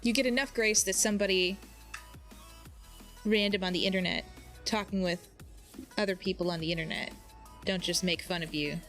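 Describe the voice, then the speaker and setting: Woman streamer, casual rambling chat, mid pitch, faint music behind. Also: steady tone, normal speed, pauses often, fairly bright tone. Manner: chatty, rambling, with fillers and tangents. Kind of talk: casual gameplay commentary.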